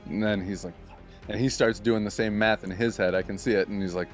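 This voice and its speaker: A man's voice: on the low side, steady tone, quick pace, soft background music. A man casually telling a long story on a podcast, swearing freely and acting out what others said. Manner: profane, acts out quoted people.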